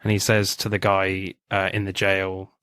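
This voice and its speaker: A man's voice: low voice, monotone, normal speed, fairly bright tone, clear, resonant tone, dry recording. A man co-hosting a casual film podcast, laughing often and reading quotes aloud. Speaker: podcast co-host. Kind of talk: casual film review chat.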